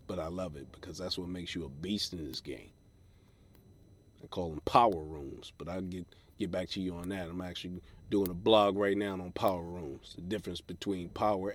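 A man, a comedian hosting a podcast and ranting profanely from a parked car, breaking into high put-on voices for quotes. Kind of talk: casual rant.

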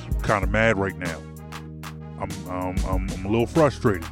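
Fired-up low-voiced sports host. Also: male voice, moderate pace, over music. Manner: emphatic, worked-up, repeats himself for stress. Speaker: podcast host. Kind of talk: casual sports podcast talk.

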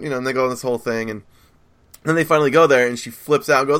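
A young man co-hosting a casual podcast, an excitable storyteller who acts out scenes. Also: mid-range voice, quick pace. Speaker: podcast co-host.

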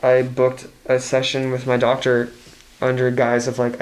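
A man's voice: mid-range voice, monotone, unhurried. A young man in his twenties talking candidly as a podcast guest, rambling with many restarts and frequent swearing. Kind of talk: candid casual conversation.

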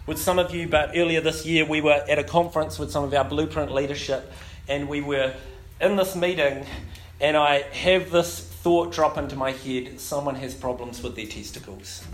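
Animated New pastor preaching. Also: male voice, a little high, normal speed, a little hiss or hum. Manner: animated, self-deprecating, many fillers. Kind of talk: sermon with humorous storytelling.

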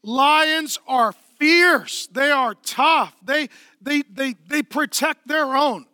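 A middle-aged man preaching a lively, playful sermon in a church, swinging from hushed tones to shouting. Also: very high-pitched, slow pace, no room sound, clean studio sound. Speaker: pastor. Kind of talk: energetic comedic sermon.

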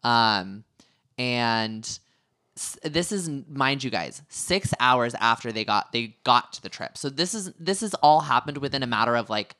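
A man's voice: mid-range voice, animated, unhurried, bright, forceful tone, dry recording, studio quality. A man co-hosting a podcast, chatting casually and gossiping animatedly, with many fillers. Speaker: podcast co-host. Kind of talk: casual reality-TV recap chat.

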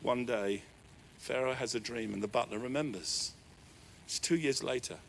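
A man preaching a sermon as pastor, animated, with sudden swings between loud, raised lines and quiet asides. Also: medium pitch, normal speed, vocal fry, slight background noise.

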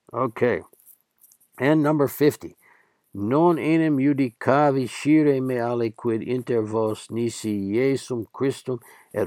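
A man teaching Latin, reading scripture passages aloud and translating them slowly and deliberately. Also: medium pitch, gravelly, darkish tone, no room sound, studio quality.

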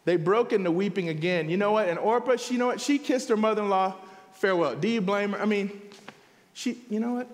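A male pastor preaching a sermon in a conversational, animated way, full of rhetorical questions. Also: sits high, fairly quick, long reverb tail. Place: church sanctuary.

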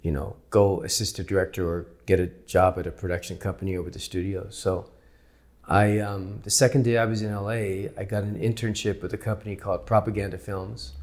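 Relaxed man recalling his career start. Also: low-pitched, brisk. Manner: relaxed, with frequent ums. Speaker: film industry worker recalling his start. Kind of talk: casual recollection.

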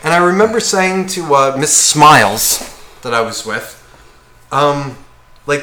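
A man's voice: a little high, animated, unhurried, pauses often, sharp tone, reverberant. A man, co-hosting a casual podcast and ranting with lots of swearing while acting out other people. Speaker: podcast co-host. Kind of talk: casual chat.

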